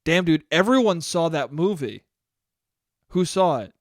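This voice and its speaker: Here the solo podcaster talks a little slowly, his profane, animated rant full of shrill impressions that mock his relatives. The young man is recorded at studio quality, without any room sound.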